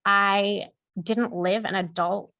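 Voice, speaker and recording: A woman guest on a podcast, speaking slowly and thoughtfully in a reflective interview. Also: medium pitch, fairly even intonation, dry recording, highs cut off. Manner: slow, soft and thoughtful.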